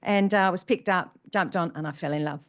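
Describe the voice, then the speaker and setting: Middle-aged woman, speaker at a community event, earnest and heartfelt, fairly low voice, repeats herself for emphasis. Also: fairly quick. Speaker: motivational speaker. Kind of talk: personal talk to an audience.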